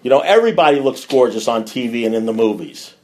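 A middle-aged man speaking candidly to a recovery group, blunt and profane, with loud bursts and low mutters. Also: lively intonation, quick pace.

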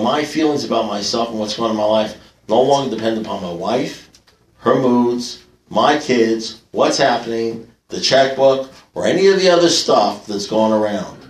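A man's voice: lowish voice, recorded from a distance. An older man telling stories at a recovery meeting in a wry, self-mocking way, with punchy jokes. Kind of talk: storytelling share at a recovery meeting. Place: meeting hall with live audience. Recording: echoey room, picked up from afar.

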